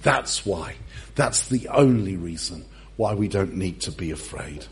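A man's voice: low-pitched, expressive, measured pace, slightly rough. A man, a pastor giving a humorous sermon in a church service and acting out the story. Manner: humorous storyteller with comic voices.

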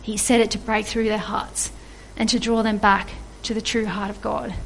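A woman's voice: mid-range voice, slight background noise, low-quality recording. An earnest woman giving a reflective devotional sermon, asking her listeners questions. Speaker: preacher.

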